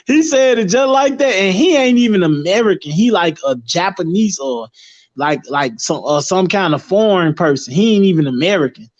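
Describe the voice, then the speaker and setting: A man's voice: high-pitched, expressive, moderate pace. A man talking as a guest in casual chat, rambling and emphatic, swearing freely. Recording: dull lo-fi recording.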